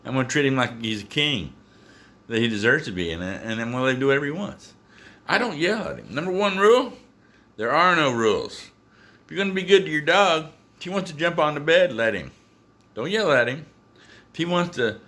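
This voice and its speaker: A man telling casual stories to the camera at home about his dog, animated and chuckling as he goes. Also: on the high side. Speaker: dog owner.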